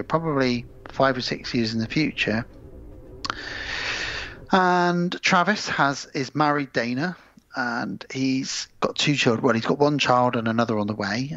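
A man's voice: mid-range voice, gravelly, a bit bright, dull audio. A man, rambling casually and swearing now and then as he recaps a film on a podcast. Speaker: podcast co-host.

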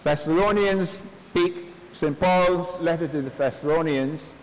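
Slow-preaching man in a reverberant church. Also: on the high side. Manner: slow, earnest preaching with homespun stories. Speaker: pastor officiating a funeral. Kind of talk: funeral sermon. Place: church at a funeral service.

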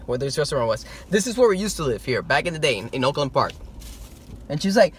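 A man vlogging casually, telling a story in an excitable, animated way, with some stammering. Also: a little high, fairly quick, husky. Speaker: toy-hunting vlogger.

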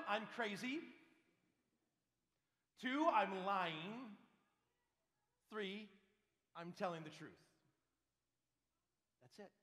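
High-voiced priest preaching in an echoing church. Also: male voice, fairly bright tone. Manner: emphatic, asks the congregation rhetorical questions. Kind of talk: sermon. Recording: long church reverb.

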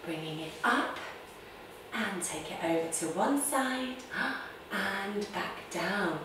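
Taking things slowly, a kids' yoga teacher narrates a guided story in an expressive, slightly bright mid-range voice. She plays along with gasps and beeps, recorded from a distance in an echoey room with slight background noise.

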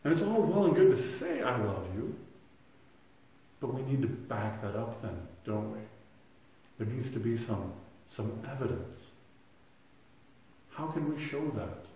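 A man in his thirties preaching a sermon as pastor, earnest, shifting between loud emphasis and soft, hushed lines, often repeating words as he restarts. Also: medium pitch, big pitch swings, measured pace, pauses often, a little hiss or hum. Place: church sanctuary. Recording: very echoey church room.

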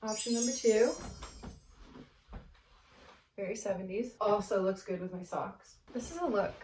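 A woman's voice: mid-range voice, a little mellow, a little hiss or hum. A woman vlogging at home in a casual get-ready-with-me chat, playful and self-mocking, laughing between her lines. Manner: chatty with bursts of laughter.

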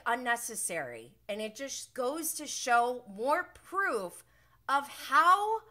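A woman's voice: medium pitch, bright, forceful tone. A young woman hosting a casual reality TV recap, chatty and opinionated with lots of filler words and laughing asides.

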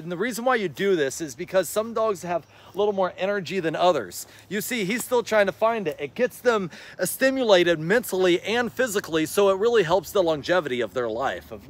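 In his yard, a vlogging man plays fetch with his dog and rambles casually through some advice for his audience. His high voice moves briskly with hardly any pauses as he eagerly urges the dog on.

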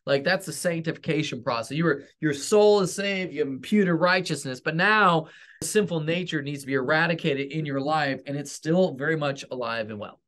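Speaking a little fast in a fairly high, somewhat bright voice, a pastor who served in the military tells stories as an interview guest. His style is rambling and self-deprecating, and the interview is casual and story-driven.

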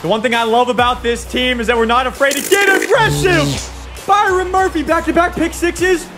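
A young man hosting excited commentary over a football video game, shouting at big plays, his voice cracking now and then. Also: very high voice, normal speed, over loud music. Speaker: gaming YouTuber. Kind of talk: excited let's-play commentary.

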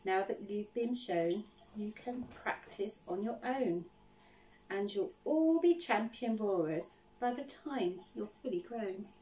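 A woman's voice: medium pitch, lively intonation, slow, warm tone. A woman voicing a stern female dragon schoolteacher who gives commanding orders, heard from some distance from the mic. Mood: bossy.

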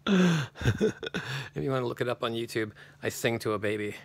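A man's voice: medium pitch, no room sound. A man telling a rambling personal story, with many restarts and self-corrections.

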